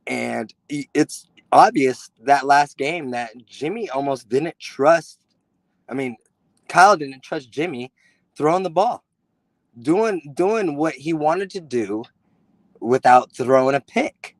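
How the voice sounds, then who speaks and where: A man calling in to a sports show, talking in an earnest, excitable way and repeating himself for emphasis. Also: on the high side, slow, no room sound, rough recording. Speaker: caller, football fan. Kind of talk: call-in conversation.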